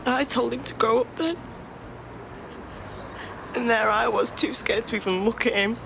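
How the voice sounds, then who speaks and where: Young grieving sister: high, gravelly, halting; noisy TV drama soundtrack. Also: female voice. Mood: upset. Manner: halting, upset and self-reproaching. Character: grieving young woman, sister of a murdered boy. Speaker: witness. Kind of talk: TV police drama acting.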